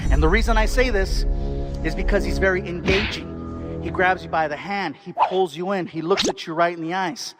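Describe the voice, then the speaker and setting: A male stand-up comedian telling a story in an animated, excitable way. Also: high voice.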